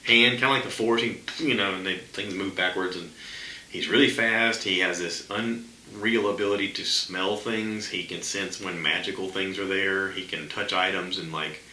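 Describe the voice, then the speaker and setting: Deep-voiced man rambling on a podcast. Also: steady tone, normal speed, sharp tone. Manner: rambling, chatty, many fillers. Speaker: podcast host. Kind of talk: casual solo podcast chat. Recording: echoey room with faint ambient noise.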